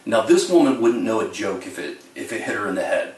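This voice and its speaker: Wry, low-voiced male storyteller, roomy. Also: big pitch swings, a little fast, darkish tone, recorded from a distance. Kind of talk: comic storytelling to camera. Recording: roomy, away from the mic.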